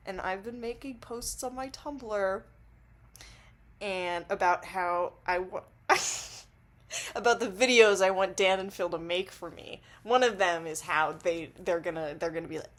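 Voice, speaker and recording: A woman's voice: mid-range voice, normal speed. A woman rambles to the camera in a loose, casual vlog monologue while intoxicated. She giggles and swears freely as she wanders from one thought to the next. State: under the influence. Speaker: vlogger.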